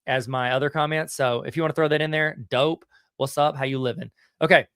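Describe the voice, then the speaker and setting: A middle-aged man with a Southern US accent, hosting a casual live-stream podcast in a slangy, chatty way full of fillers and restarts. His voice sits a bit high for a man. The sound is close and dry, with no room echo. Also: fairly bright tone, clear, resonant tone. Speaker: podcast host.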